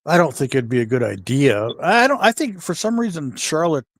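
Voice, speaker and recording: A man's voice: fairly high pitch, big pitch swings, normal speed. A man co-hosting a wrestling podcast, blunt and opinionated, swearing and joking. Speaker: podcast co-host. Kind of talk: casual wrestling talk.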